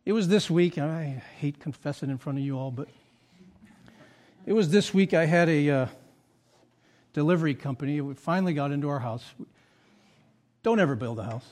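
A man delivering a sermon as pastor, with a fairly high voice for a man. He tells stories animatedly, acting out quotes, and grows soft and low for confessional moments. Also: normal speed, long pauses. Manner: animated storytelling with acted quotes and asides.

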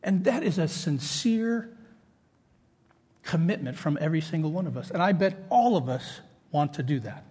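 High-voiced preacher in an echoey hall. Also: male voice, normal speed, slightly rough. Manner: animated, conversational preaching with jokes and acted quotes. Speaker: pastor. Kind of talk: sermon. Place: church hall with congregation.

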